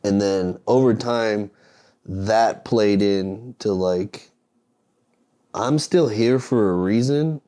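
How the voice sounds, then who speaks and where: Man, podcast guest, low voice, mellow tone, blunt, swears a lot, rambling. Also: slow. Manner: blunt and profane, rambling motivational talk. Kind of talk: casual podcast conversation.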